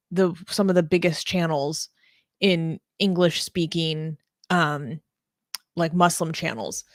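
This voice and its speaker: A woman's voice: fairly low pitch, no room sound, studio quality. A young woman co-hosting a news talk show in a casual, chatty way with many fillers.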